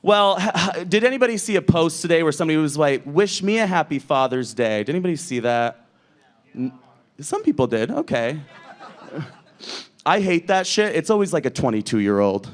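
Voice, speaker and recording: Brash, profane drag comedy host. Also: male voice, fairly high pitch, sing-song, normal speed. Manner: brash, profane, teasing the crowd. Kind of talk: stand-up crowd work. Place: comedy club stage before a live audience.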